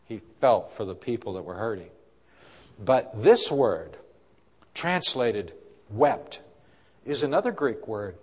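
A male pastor preaching a sermon, rising and falling in loudness and asking the congregation questions. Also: lowish voice, animated, a little slow. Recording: long hall reverb.

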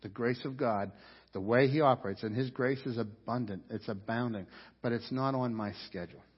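A man's voice: medium pitch, brisk, breathy edge. A man preaching a sermon as pastor, earnest and conversational, repeating his key points for emphasis. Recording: dull lo-fi audio with long hall reverb.

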